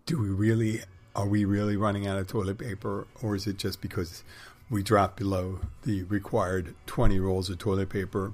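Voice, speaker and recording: A middle-aged podcast host with a low, slightly rough voice rambles through wry, crude stories in a casual monologue.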